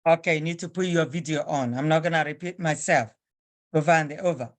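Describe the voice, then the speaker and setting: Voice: mid-range voice, a little fast. A teacher whose first language is Igbo runs an online spelling drill over a video call. The teacher corrects students firmly and spells words out letter by letter.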